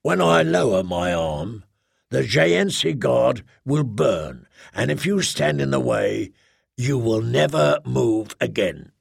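A man voicing a stern, menacing male commander who booms his threats and speaks with contempt. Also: big pitch swings, slow, gravelly, slightly rough, dry recording, studio quality, heavily acted.

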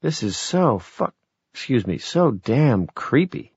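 A man's voice: medium pitch, big pitch swings, slow pace, a little mellow, slightly rough, no room sound, full character voice. A man voicing an earnest, persistent young adult daughter in an audiobook, coaxing and insistent, on a dry, dull-sounding recording.

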